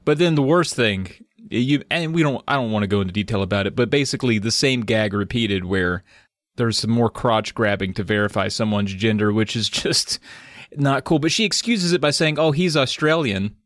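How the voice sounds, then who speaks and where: A man's voice: lowish voice, animated, normal speed, no echo, studio quality. A young adult man co-hosting a podcast, casually joking and animatedly retelling film scenes. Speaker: podcast co-host. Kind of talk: casual chat.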